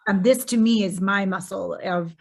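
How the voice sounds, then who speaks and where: A woman hosts a podcast in casual conversation, speaking reflectively and often humming a soft "mm" in agreement. Her voice is mid-range with vocal fry, and she talks at a normal speed.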